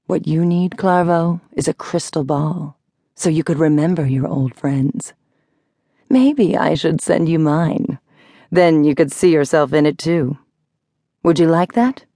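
A low, creeping woman's voice on the line, as a woman reader puts on a menacing caller who mocks and threatens at a slow crawl. Her tone drips with sinister glee. It is recorded close and dry. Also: mellow, no room sound.

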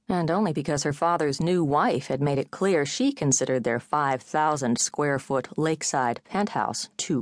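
A woman narrating an audiobook novel in a measured, even storytelling manner. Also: sits low, no echo, studio quality. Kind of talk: scripted narration.

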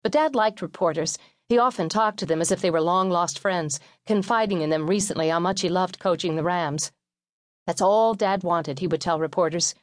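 Low-voiced woman narrating a memoir. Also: no echo, clean studio sound. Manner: measured, wry storytelling. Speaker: audiobook narrator.

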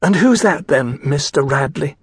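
Saucy young street girl w/ slangy talk, bit raised and gravelly, a man putting her on. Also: on the high side, animated, moderate pace, no room sound, clean studio sound, exaggerated voice. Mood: frightened. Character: young streetwise London working girl, bold but wary.

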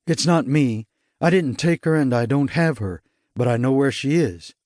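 A cagey young man on a call, flat and insistent, voiced by a male audiobook narrator. Middle pitch, in a close and very dry recording. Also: normal speed, no echo, lightly acted. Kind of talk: audiobook character voice.

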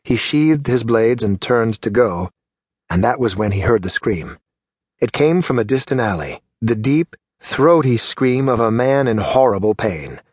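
A man narrating a fantasy audiobook in a measured, steady storytelling manner. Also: mid-range voice, husky, dry recording, clean studio sound. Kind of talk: scripted narration.

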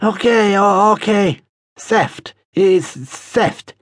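A male narrator voicing a small, whiny thief who squeaks and stammers. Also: a little slow, husky, no echo, studio quality. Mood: panicked.

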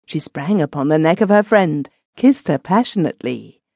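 A woman narrating a classic short story as an audiobook, in an expressive storytelling manner. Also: sits low, moderate pace, dry recording, studio quality. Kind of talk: scripted narration.

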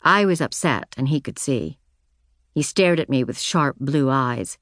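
A woman narrating an audiobook in the first person, with a measured, reflective reading. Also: rumbling low, animated, no echo, clean studio sound.

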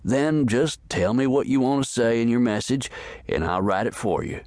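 A man's voice: mid-range voice, lively intonation, normal speed, a little mellow, no echo, studio quality, pitched above the performer's own voice, natural voice. A man voicing a courteous, helpful male ticket clerk in a western audiobook. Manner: courteous, obliging.

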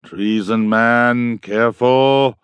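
A man narrating a novel in a theatrical, lively reading on a close studio mic. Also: mid-range voice, extremely slow, clean tone, no room sound. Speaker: audiobook narrator. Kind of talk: scripted narration.

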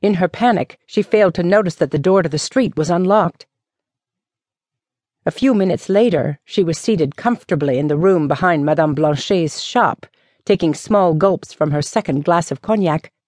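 A woman narrating a mystery novel as an audiobook, with measured, even storytelling. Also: fairly low pitch, no echo. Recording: dry studio audiobook.

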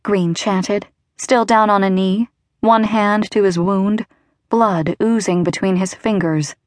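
Brief: female audiobook narrator, wry and even first-person read, close dry studio sound. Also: mid-range voice, takes it slowly, no echo. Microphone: close studio mic.

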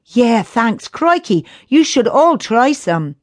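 A woman's voice: a little high, sing-song, slow pace, dry recording, clean studio sound, voice pushed up, full character voice. A woman voicing a cheeky, impulsive young boy.

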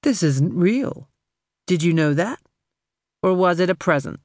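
Woman doing a soft-spoken masked robber man. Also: on the low side, animated, dry recording, studio quality. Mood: calm, polite menace. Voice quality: soft, unhurried, almost soothing. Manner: mockingly polite.

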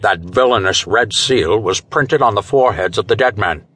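Stern police commissioner voiced by a husky-voiced man. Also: fairly low pitch, moderate pace, fairly bright tone. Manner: stern, commanding. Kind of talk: audiobook character voice.

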